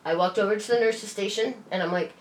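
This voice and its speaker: A woman's voice: mid-range voice, fast talker, a little hiss or hum. A woman telling a story in casual chat, bluntly and with plenty of swearing. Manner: blunt, swears freely, leans on "like". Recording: echoey room with faint ambience.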